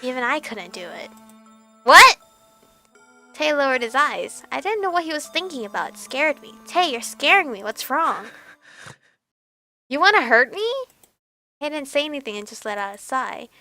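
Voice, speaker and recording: A woman hosting a let's play, reading a visual novel aloud and reacting in an animated, exclaiming way. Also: high voice, fairly quick, soft background music.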